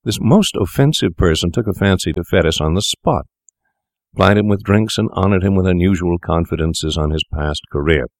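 Deep-voiced man narrating a storybook. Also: no echo, clean studio sound. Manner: measured, formal storytelling. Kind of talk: scripted audiobook narration.

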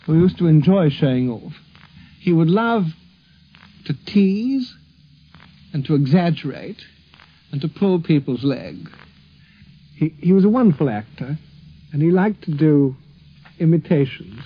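A man recalls his childhood in a fond, measured way, sometimes lightly imitating others. His voice sits a little high and sounds husky, coming through a muffled, lo-fi archive recording. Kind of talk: archival reminiscence.

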